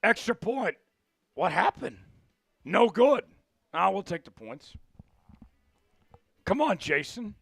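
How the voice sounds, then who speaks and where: A man hosting a live sports stream, calling plays and shouting when his team scores. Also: high-pitched, takes it slowly, vocal fry, long pauses, breathy edge, no room sound, clean studio sound. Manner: excitable, shouts big plays. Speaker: livestream sports host. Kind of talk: live play-by-play watch-along.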